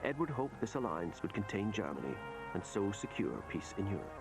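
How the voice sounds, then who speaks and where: A man reading scripted documentary narration in a measured voice. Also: lowish voice, big pitch swings. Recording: narration over loud music.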